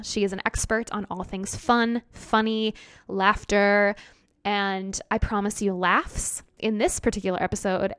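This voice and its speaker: A woman's voice: mid-range voice, fairly bright tone. Upbeat woman podcast host. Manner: upbeat, chatty, laughs often. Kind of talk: casual conversational podcast.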